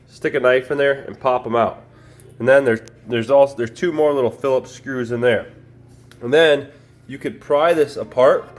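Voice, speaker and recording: A man hosting a casual how-to repair video, talking in a folksy, chatty, self-deprecating way while he works through the steps, recorded on a handheld phone camera. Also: medium pitch. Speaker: DIY video host.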